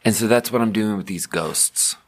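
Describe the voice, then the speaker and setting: Man, 30s, comedic podcast host, rambling and sarcastic, slightly low voice. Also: moderate pace, no echo. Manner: rambling, sarcastic, self-interrupting. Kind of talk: rambling comedic storytelling monologue.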